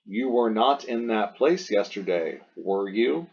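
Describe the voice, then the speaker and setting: A man's voice: on the low side, animated, measured pace, gravelly, darkish tone, muffled recording. A man teaching a Latin lesson, patiently explaining each exercise sentence and rephrasing the questions. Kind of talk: recorded lesson walking through exercise sentences.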